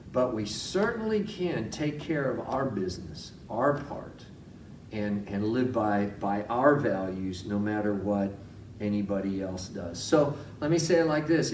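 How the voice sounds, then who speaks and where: A man's voice: medium pitch, distant mic, a little hiss or hum. A male chaplain giving a sermon-style teaching talk, folksy, telling stories and putting direct questions to his listeners. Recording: roomy echo, voice from off-mic.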